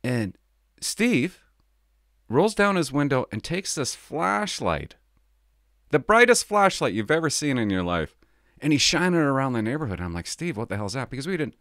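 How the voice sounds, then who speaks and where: A middle-aged Canadian man who used to be a police officer talks casually and confidingly on his podcast, rambling and laughing through his stories. His mid-range voice swings widely in pitch, with a fairly bright tone at normal speed. The studio sound is clean, with no room sound.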